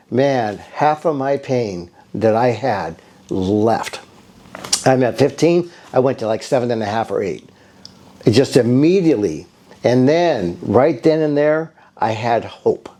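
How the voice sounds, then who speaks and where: A man's voice: medium pitch, mellow. A man telling his own patient story in a casual, rambling and earnest way. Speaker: bodywork therapist giving a patient testimonial. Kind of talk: casual spoken testimonial.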